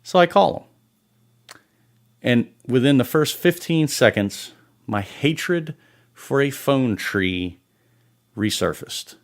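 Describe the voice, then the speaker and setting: A man's voice: medium pitch, expressive, slow pace, pauses often. Sarcastic swearing man ranting. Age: adult. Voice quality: sarcastic, exasperated, heavy swearing. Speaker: podcast host. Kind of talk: profane comedic rant.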